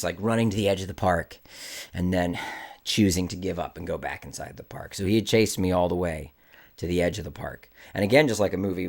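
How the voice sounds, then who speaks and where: A man speaking in a low register, telling a story to camera in a casual vlog. He is an indie filmmaker and tells it with animated delivery. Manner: animated, acts out the people in his story.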